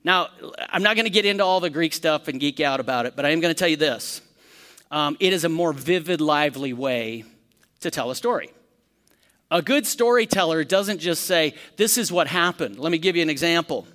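Pastor, male, fairly high voice, animated conversational teaching with questions to the group. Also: long reverb tail. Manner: conversational, asks the room questions; acts out quick lively storytelling examples. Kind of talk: Bible study teaching.

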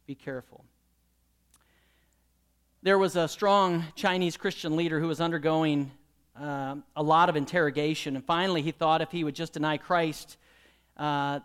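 A man's voice: on the high side, clear, resonant tone. A man, a pastor, preaching a sermon and drawing in his congregation with questions and call-and-response.

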